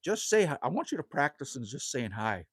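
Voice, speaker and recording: A man's voice: medium pitch, very animated, fairly quick, fairly bright tone, breathy edge, no echo, clean studio sound. A man hosting a casual live stream outdoors at a cabin, answering viewer comments in a chatty, laid-back way and calling everyone man or buddy.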